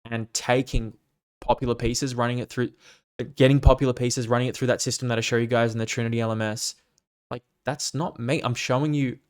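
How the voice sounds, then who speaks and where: Blunt, profane man ranting casually. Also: medium pitch. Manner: blunt, profane, rambling and animated. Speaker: fitness coach and podcast host. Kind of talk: casual monologue.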